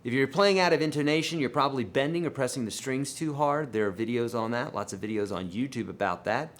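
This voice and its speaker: A guitar teacher hosting a live Q&A stream takes viewer questions, calling them friends and folks. His pitch is ordinary, and he talks fast, casually and emphatically, pushing some lines out loudly and dropping others low. He's animated, with sudden swings in loudness and pitch.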